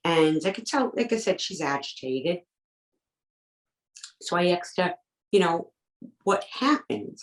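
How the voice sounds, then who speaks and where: A woman's voice: on the low side, animated, a little slow, long pauses, reverberant, low-quality recording. A woman, a podcast guest, telling a personal story with an urgent, emotional edge and quoting the back-and-forth dialogue. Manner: recounts events with quoted back-and-forth dialogue.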